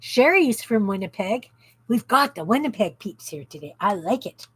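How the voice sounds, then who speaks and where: On a craft livestream from her home craft room, a woman from Canada chats casually and reads out viewer comments as she works. She's very animated, with a husky, medium-pitched voice at normal speed. The recording is low quality.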